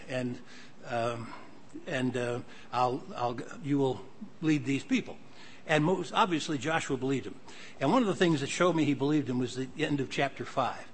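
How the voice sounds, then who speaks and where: A man's voice: medium pitch, normal speed, a little hiss or hum. An older man preaching a sermon, teaching in a conversational way and reading scripture aloud with growing emphasis.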